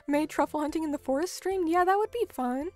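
A woman's voice: high voice, normal speed, a little mellow, soft background music. A young American woman streamer chatting casually with her viewers, talking loosely with lots of fillers as she reads and answers chat. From United States.

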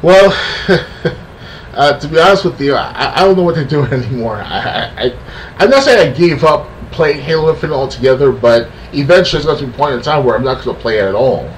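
In a mid-range, expressive voice, a man rants briskly on a casual podcast, frustrated and rambling, frequently stumbling and restarting. He's recorded on a distant mic with faint background noise.

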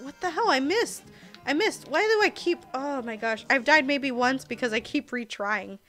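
A tipsy young woman streaming a game, rambling and swearing with giggles and sudden loud outbursts. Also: sits high, animated, moderate pace, faint music behind. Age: young adult. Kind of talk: casual gaming stream chat.

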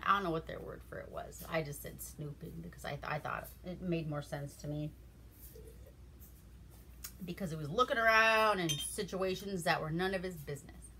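A woman's voice: lowish voice, normal speed, sharp tone, slight background noise. A woman from Alaska giving a casual, rambling movie recap, laughing often as she goes. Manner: giggly, rambling, with frequent laughs. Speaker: movie reviewer.

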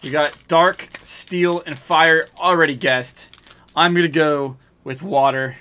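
Bright-voiced man hyping card pulls on stream. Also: on the high side, fairly even intonation, takes it slowly, smooth. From New England. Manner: chatty, hypes pulls, jokes with chat; drops to mumbles while sorting cards. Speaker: streamer opening card packs. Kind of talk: casual live-stream chat.

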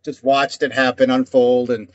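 A man's voice: mid-range voice, flat delivery, moderate pace, dry recording. A man telling stories in casual profane chat as podcast co-host, rambling and acting out voices. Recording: dull lo-fi dry sound.

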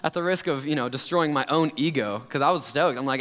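A man's voice: fairly high pitch, moderate pace, smooth. Laid-back young man preaching in a church. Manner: relaxed, chatty, laid-back slang. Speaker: pastor. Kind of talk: casual sermon with story and prayer. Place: church sanctuary. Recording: long church hall reverb.

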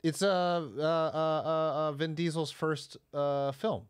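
A man's voice: on the high side, flat delivery, slow, smooth. A man co-hosting a podcast who talks in a loose, chatty way, filling his sentences with "like.". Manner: loose and chatty, lots of "like" fillers. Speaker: podcast co-host. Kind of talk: casual chat.

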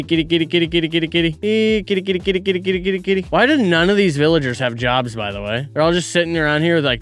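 A man's voice: medium pitch, fairly bright tone, clean tone. A young man casually commenting on his gameplay on stream, chatting with viewers and calling out to animals. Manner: chatty, talks to chat, coos at animals. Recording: faint music behind.

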